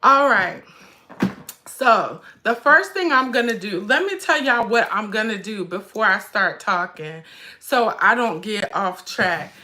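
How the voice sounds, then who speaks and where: A chatty woman in her forties with a bright voice. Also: medium pitch, lively intonation, a little slow. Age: 40s. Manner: chatty, addresses viewers as y'all; emotional, fighting back tears. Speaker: handbag vlog host. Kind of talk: casual livestream chat.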